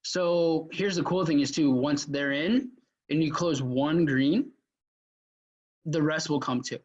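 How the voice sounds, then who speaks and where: A man's voice: a little high, slow pace. A man leading a casual sales workshop lecture, chatty and full of fillers and restarts. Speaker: mentor teaching a sales workshop. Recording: dull lo-fi audio.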